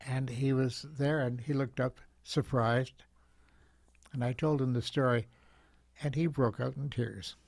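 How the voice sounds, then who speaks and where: An older man, a guest on a talk show, telling a story in a gentle, reflective way with frequent repeats. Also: medium pitch, fairly even intonation, unhurried, gravelly, dry recording, clean studio sound.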